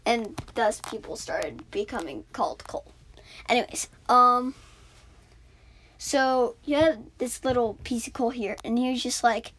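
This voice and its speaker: A woman's voice: fairly high pitch, a little slow, a bit bright. A woman improvising a story as a storyteller, rambling with many fillers and restarts.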